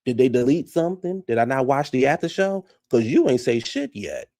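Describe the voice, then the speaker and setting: Guy ranting about a reality show, cussing a lot, mellow darker voice, dry close sound. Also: medium pitch, fairly quick, dry recording. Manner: profane, blunt and animated, laughs often. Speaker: reality TV reaction commentator. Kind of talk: casual reaction commentary.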